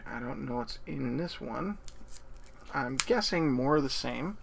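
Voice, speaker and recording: Slow, gravelly man unboxing. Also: medium pitch, fairly bright tone, slight background noise. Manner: hesitant, thinking aloud, many ums. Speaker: unboxing video host. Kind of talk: casual unboxing commentary.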